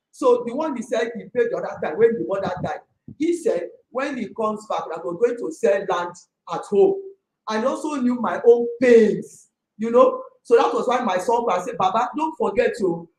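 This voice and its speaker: A middle-aged woman with a Nigerian accent, a landlady complaining about a tenant in an emphatic, excitable way. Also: mid-range voice, slight background noise. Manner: emphatic, excitable, talks forcefully. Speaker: landlady in a dispute. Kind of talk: heated complaint. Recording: echoey room.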